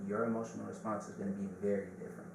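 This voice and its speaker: A man's voice: fairly low pitch, little pitch movement, racing, gravelly. A man, a podcast guest, chatting in an easygoing way. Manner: easygoing, plugs his clothing brand. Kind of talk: casual chat. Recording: echoey room, distant mic, audible hiss.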